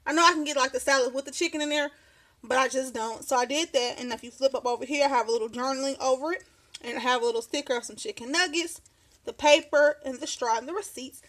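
Speaking fast in a high, fairly bright voice, this craft vlogger in her thirties chats her way through a show-and-tell at her home desk. She rambles, laughs a lot, and sounds a bit out of breath.

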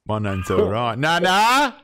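An English man trading insults over a game's voice chat, his pitch bouncing all over as he mocks and brags. He talks through a headset, and a faint hiss sits under his voice. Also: animated, moderate pace. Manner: mocking, taunting, boastful. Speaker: streamer trolling other players.

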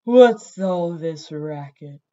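A woman voicing a sleepy, grumpy tomcat with a slow, low rumble. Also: expressive, mellow, dull audio. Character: sleepy, grumpy old tomcat lying under a porch.

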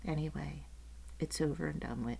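A woman's voice: low-pitched, vocal fry, breathy edge. A middle-aged woman telling a story in a casual rant, swearing freely and acting out what people said. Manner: animated, swears casually, acts out quotes. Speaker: vlogger.

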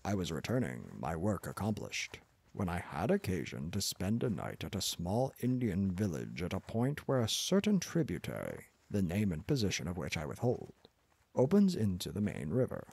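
A man's voice: deep voice, huge pitch swings, normal speed, creaky, darkish tone, slightly rough, dry recording, heavily acted. A man voicing a pompous, arrogant older professor who lectures in a condescending manner. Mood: lecturing.

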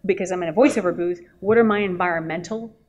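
A woman voice actress on a convention panel, telling animated stories and acting out quotes with a laugh. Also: fairly low pitch, quick pace, highs cut off, slight background noise. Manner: lively, acts out quotes and laughs often. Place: convention hall.

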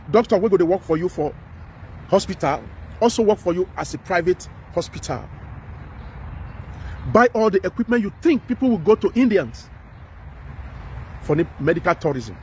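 A man's voice: sits high, lively intonation, normal speed, pauses often, darkish tone, slight background noise. A man with a Nigerian accent giving impassioned commentary, emphatic and repetitive, pleading with his listener. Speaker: social commentator.

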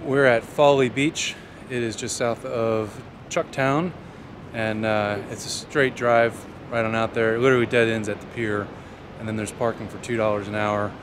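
A man's voice: on the low side, steady tone, moderate pace, slight background noise. A young man hosting a casual travel vlog, joking and playfully teasing as he chats. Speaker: vlog host.

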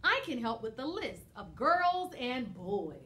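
A small, eager girl elf speaking softly, voiced by a woman reading a storybook. Her lines bounce through a lively pitch range. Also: a little slow, full character voice. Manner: soft, eager.

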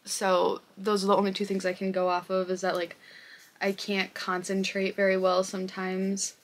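A woman's voice: medium pitch, monotone, normal speed. Rambling young woman vlogging at home. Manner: rambling, self-deprecating, voices her own thoughts. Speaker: crochet vlogger. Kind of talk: casual vlog chat.

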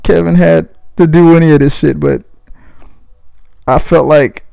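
Gravelly, rambling, profane young man. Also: a little high, steady tone, a little slow, warm tone, dry recording, poor audio. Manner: rambling, profane, laid-back. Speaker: podcast host. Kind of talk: casual movie commentary.

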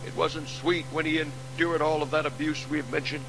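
A pastor preaching a sermon, repeating refrains, sinking quiet and then swelling into loud, rousing calls. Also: male voice, fairly high pitch, flat delivery, a little fast, gravelly, few pauses, a little hiss or hum, low-quality recording.

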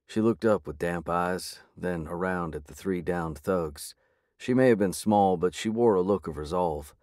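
A man reading a first-person audiobook in a measured, gritty way. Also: sits low, a little mellow, dry recording, clean studio sound. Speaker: audiobook narrator.

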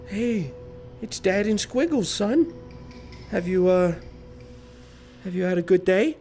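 Animated man role-playing a goofy dad. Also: high-pitched, slow pace, a little hiss or hum. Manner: animated, jumping between coaxing and panicked outbursts. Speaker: VR game streamer. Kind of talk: improvised comedic role-play as a dad.

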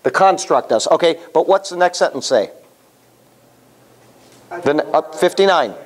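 A man's voice: a little high, expressive, moderate pace. A man leading a Bible study class in a conversational way, asking the class questions as he teaches. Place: room with a small class.

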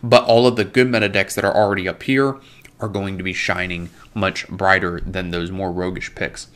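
A man hosting his channel, rambling and opinionated as he answers viewer comments, a little hoarse from losing his voice and clearing his throat. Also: low voice, level tone, normal speed, a bit bright. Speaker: YouTube host. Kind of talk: casual commentary. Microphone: desk microphone.

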